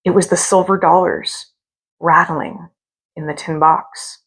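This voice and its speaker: A woman reading a scary story aloud from a hotel room, with slow, drawn-out dramatic delivery. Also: on the low side, steady tone, husky.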